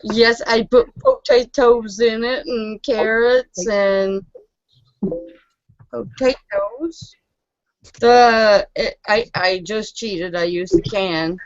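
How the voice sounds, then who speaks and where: A woman's voice: fairly high pitch, fairly even intonation, drawn-out words, no echo. A woman guest chatting on a live stream, laughing often and telling home stories. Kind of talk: casual live-stream chat. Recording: dull lo-fi stream audio.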